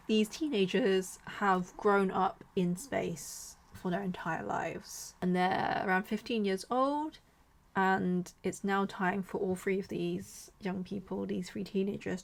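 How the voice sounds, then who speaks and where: A young woman chatting casually about books she is giving away, lively and expressive, slipping into whispered asides. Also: medium pitch, creaky. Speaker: book vlogger. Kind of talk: casual chat.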